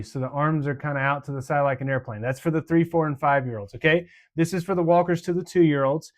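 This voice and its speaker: A man, a children's pastor, walking volunteers through upcoming lessons in a casual, chatty way, full of ums and uhs, slowing down to recite verses with hand motions. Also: on the high side. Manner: demonstrates motions with slow emphatic recitation. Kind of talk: volunteer training walkthrough.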